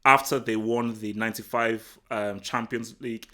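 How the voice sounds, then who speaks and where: A man from Nigeria hosting a live football talk stream, chatting casually and answering the chat in an excitable, rambling way full of restarts. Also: lowish voice, moderate pace. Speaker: football talk show host. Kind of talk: casual livestream commentary, reading the chat.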